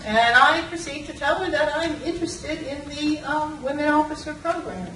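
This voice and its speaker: An older woman from Massachusetts performing a personal story live, animated and slipping into voices and bits of song. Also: high-pitched, moderate pace. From Lawrence, Massachusetts. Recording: roomy, distant from the mic, faint room noise.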